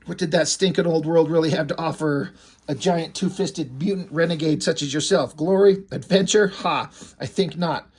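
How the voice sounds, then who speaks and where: A man's voice: on the high side, normal speed, breathy edge. Boastful comic-book pig sidekick, endless hype-man patter; a man reads it. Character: bombastic male pig-creature sidekick and self-styled bard. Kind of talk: reading comic dialogue aloud.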